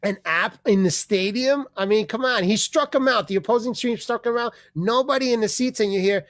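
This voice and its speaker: A man's voice: high voice, fairly bright tone, no echo, clean studio sound. Rambling, profane male comedy host. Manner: rambling, profane, with quick voice changes. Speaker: open mic host. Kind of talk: comedy rant. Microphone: video call.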